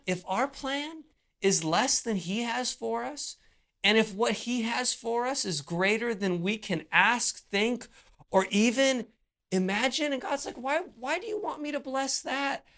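Preacher mid-sermon: unhurried, measured pace, halting repeats and pauses. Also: medium pitch, a bit bright. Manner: slow, deliberate delivery with frequent repeated words and pauses.

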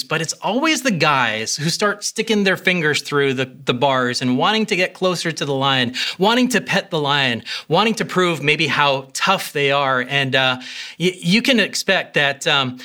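A man's voice: a little high, bright, forceful tone. A man preaching a sermon as pastor, earnest and conversational, with a few fillers.

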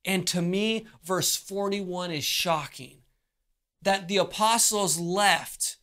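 Preacher mid-sermon: unhurried, measured pace, halting repeats and pauses. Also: mid-range voice, a bit bright. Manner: slow, deliberate delivery with frequent repeated words and pauses.

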